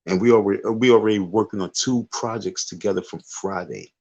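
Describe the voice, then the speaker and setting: A man with a lowish voice rants casually on a livestream, repeating himself emphatically and drawing out every word of insistence. The audio is dull and lo-fi, like a cheap stream mic. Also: darkish tone. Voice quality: repetitive, emphatic. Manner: dismissive, drawn-out insistence. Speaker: live streamer.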